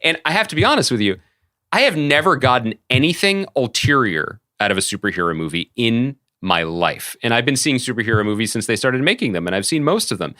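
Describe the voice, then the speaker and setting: A man co-hosting a casual podcast, his voice bright and forceful with a lot of up-and-down movement. He jokes in a sarcastic, swearing way. The studio sound is close and dry. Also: medium pitch, big pitch swings, fairly quick, no room sound. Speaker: podcast co-host. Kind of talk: casual chat.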